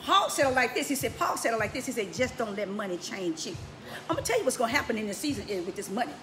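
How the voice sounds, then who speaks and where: A woman preaching on a live stream, emphatic and repetitive, often laughing and breaking into shouts. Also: fairly high pitch, lively intonation, quick pace, a little hiss or hum.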